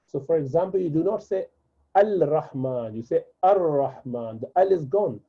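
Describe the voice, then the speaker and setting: A man's voice: fairly high pitch, fast, creaky, breathy edge. A man whose first language is Urdu, patiently teaching a beginner's lesson, repeating and drilling words one by one. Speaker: Arabic teacher. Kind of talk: classroom lesson explanation. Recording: tinny phone-like sound.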